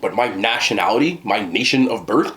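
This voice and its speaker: A man's voice: medium pitch, expressive, fairly quick, fairly bright tone. An American man in casual storytelling to the camera, talking in a rambling way with many fillers and restarts. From United States. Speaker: food vlogger.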